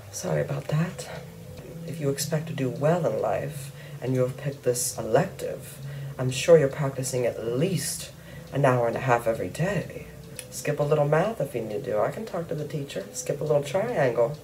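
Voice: mid-range voice, lively intonation, moderate pace, a little mellow, natural voice. A young performer playing a chatty, rambling teacher promoting an odd elective in an improvised mockumentary. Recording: noisy background.

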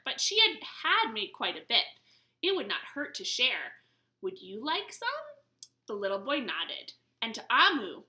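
An American woman librarian in her young adult years reading a story at baby storytime, sing-song and animated. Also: high voice. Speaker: children's librarian. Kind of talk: baby storytime read-aloud.

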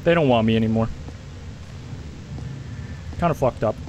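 A man's voice: lowish voice, moderate pace, darkish tone, a little hiss or hum, rough recording. A young man giving live commentary as he plays a game, jumpy and talking to himself with lots of swearing. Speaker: gaming streamer.

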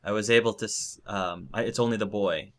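A man's voice: on the low side, fairly even intonation, fairly quick, close to an everyday voice. A man voicing a matter-of-fact woman soldier, speaking hesitantly and without an accent. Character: blunt woman soldier, a seasoned fighter.

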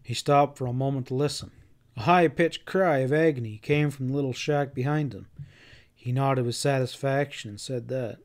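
A man narrating a western novel aloud in a steady storytelling read. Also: mid-range voice, normal speed. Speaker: audiobook narrator.

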